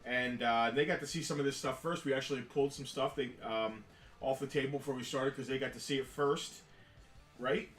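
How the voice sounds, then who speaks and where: A man's voice: mid-range voice, steady tone, fairly quick, a bit bright, soft background music. A man co-hosting a live toy sale, chatting casually and explaining at length. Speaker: co-host and toy seller. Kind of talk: casual live-stream sales chat. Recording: echoey room, mic at a distance.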